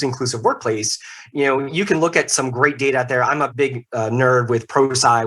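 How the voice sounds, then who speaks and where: Animated, emphatic man as podcast guest. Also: mid-range voice. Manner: animated, emphatic, jokey asides. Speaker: podcast guest, leadership consultant. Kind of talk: casual interview talk.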